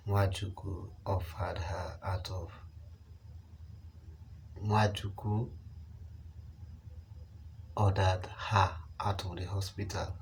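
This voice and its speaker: Slow, deep-voiced man commenting emphatically. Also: vocal fry, a little hiss or hum, rough recording. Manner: emphatic, repeats phrases for stress. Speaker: online channel commentator. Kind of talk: commentary on a news story.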